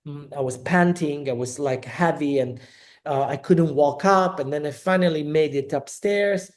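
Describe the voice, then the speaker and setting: A man's voice: fairly high pitch, normal speed. Man telling a personal story. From Naples, Italy. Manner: animated, acts out quoted dialogue. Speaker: podcast guest.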